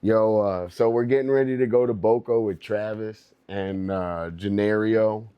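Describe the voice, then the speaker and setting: A young man chats loosely with his stream viewers, laughing often and tossing out dude and bro. His voice sits low and he takes his time between words. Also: steady tone, measured pace, clear, resonant tone, lo-fi sound. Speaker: livestreamer. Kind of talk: casual stream chat.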